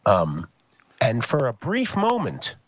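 A man co-hosting a casual podcast chat, telling stories in a lively way and swearing freely. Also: mid-range voice, takes it slowly, dry recording. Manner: animated storyteller, swears casually. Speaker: podcast co-host.

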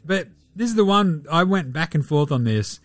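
A man's voice: fairly high pitch, lively intonation, normal speed, no echo, soft background music. A man hosting a sports podcast, running through betting picks in casual, profane, slang-heavy banter.

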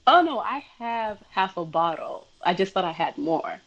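A woman's voice: mid-range voice, big pitch swings, normal speed, dull audio. A woman co-hosting a casual podcast, laid-back and joking. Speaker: podcast co-host.

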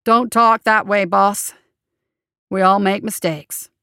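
A woman's voice: mid-range voice, steady tone, slow pace, bright, forceful tone, smooth, no room sound, clean studio sound. Woman voicing a scrappy, slangy male sidekick. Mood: loyal, rough.

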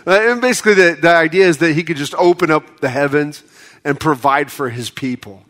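Bright-voiced man preaching a casual sermon. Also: fairly high pitch, fairly quick. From United States. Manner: conversational preaching, rising to impassioned pleas. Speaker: pastor.

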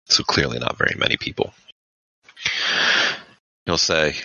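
Male game master, unhurried descriptive narration, sharp bright tone, dry close sound. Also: very deep voice, creaky, dry recording, highs cut off.

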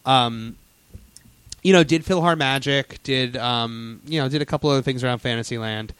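An excitable man rambles through his theme-park stories, stumbling over restarts and fillers as he goes. His voice sits in a middle range and sounds close and dry, with no room around it. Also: medium pitch, moderate pace, smooth, no echo. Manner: enthusiastic storyteller, lots of fillers and restarts. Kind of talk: casual theme-park chat.

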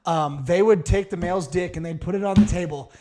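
A man's voice: sits high, a little fast, a little mellow. A young man hosting a podcast, brash and joking in casual chat with lots of swearing. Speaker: podcast host.

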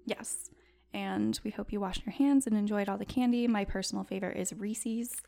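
A playful woman whose voice often drops into a gravelly fry. She chats casually on a podcast, giggling and eagerly playing along. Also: mid-range voice, animated, normal speed, warm tone. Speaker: podcast co-host. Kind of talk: casual chat.

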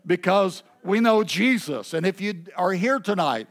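A man preaching a sermon at an evening church service, halting often with filler pauses. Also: high-pitched, lively intonation. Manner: unhurried, halting delivery with many filler pauses. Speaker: pastor.

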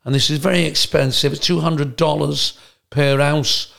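Man putting on a prim shop manager, slow and polite, bit gravelly. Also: on the high side, steady tone, fairly bright tone. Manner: measured, polite salesman patter. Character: formal middle-aged male cheese shop manager.

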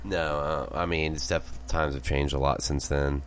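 Very deep-voiced man chatting on a podcast. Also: moderate pace. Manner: relaxed, interjects short remarks. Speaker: podcast co-host. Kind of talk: casual chat.

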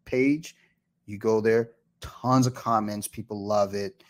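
Easygoing podcast host, lowish voice. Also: male voice, steady tone, takes it slowly. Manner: easygoing, laughs often, swears casually. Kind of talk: casual podcast chat.

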